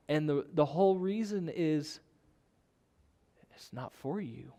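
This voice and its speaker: A man's voice: a little high, takes it slowly, warm tone, in a large hall. A man preaching a sermon in a conversational way, asking his listeners rhetorical questions. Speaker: pastor.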